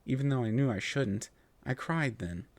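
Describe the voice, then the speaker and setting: A man narrating a first-person story in an expressive, melodic reading voice. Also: mid-range voice, normal speed, no room sound.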